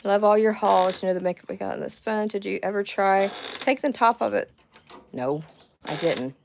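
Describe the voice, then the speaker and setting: Chatting casually on her debut livestream from home, near a window where birds can be heard, a middle-aged Southern-drawling woman reads viewer comments and nervously thanks people by name. Her medium-pitched voice is gravelly at normal speed, with slight background noise.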